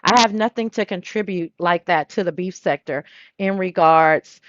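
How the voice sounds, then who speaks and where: A woman hosting her own talk show, chatting casually and breaking into quick impressions of people. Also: fairly low pitch, dry recording, muffled recording. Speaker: show host. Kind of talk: casual solo chat.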